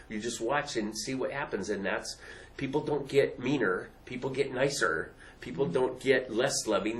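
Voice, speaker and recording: A man's voice: mid-range voice, poor audio. A man hosting a talk on emotional skills, speaking in an earnest, repetitive way and laughing lightly between points. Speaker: host. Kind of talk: casual explanatory talk.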